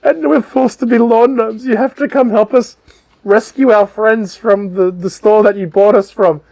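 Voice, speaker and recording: A man's voice: fairly even intonation, moderate pace, gravelly, darkish tone. A man voicing a pack of small, sly, mischievous male garden gnomes in a whiny, pleading put-on voice. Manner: high whiny pleading, stretched-out words.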